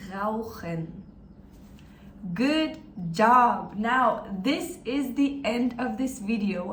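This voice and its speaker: A woman takes learners through pronunciation step by step, speaking slowly and patiently. She is encouraging and demonstrates each sound herself before asking them to repeat. Her voice carries an echo from the room, with faint noise behind it. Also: mid-range voice. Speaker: German language teacher.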